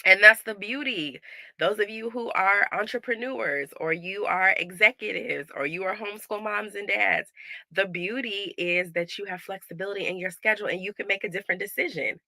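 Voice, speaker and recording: Woman, parenting coach vlogger, candid chatty asides, bright and gravelly, dead-dry closet sound. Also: medium pitch, a little fast, no echo. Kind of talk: casual direct-to-camera vlog. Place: small closet at home.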